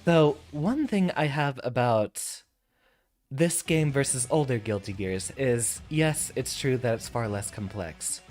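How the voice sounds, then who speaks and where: Man giving lively, unhurried gameplay commentary. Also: medium pitch, faint music behind. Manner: chatty, thinks aloud, breaks into laughs. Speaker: VTuber streamer.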